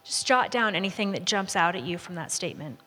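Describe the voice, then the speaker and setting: A woman's voice: fairly low pitch, fast, husky. Woman teaching a group in a reverberant hall. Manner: relaxed, invites answers from the group. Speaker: Bible study leader. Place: large room with a group. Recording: long reverb of a large hall.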